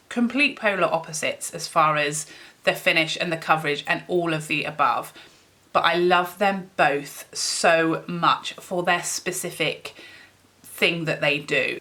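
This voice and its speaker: Chatty bright-voiced woman beauty vlogger. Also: lowish voice. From England. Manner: chatty, gushing, rambling. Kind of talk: casual chat to camera.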